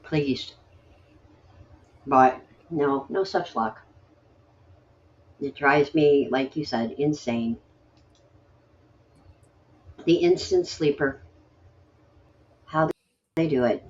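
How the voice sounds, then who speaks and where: A woman's voice: rumbling low, slow, pauses often, lo-fi sound. A woman hosting a late-night poetry stream, chatting casually in a rambling, grumbly, self-deprecating way. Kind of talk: casual chat.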